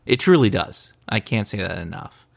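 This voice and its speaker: Podcast co-host, male, gravelly tone, easygoing chat that circles and backtracks. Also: on the low side, animated, normal speed. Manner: rambling, self-correcting. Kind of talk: casual chat.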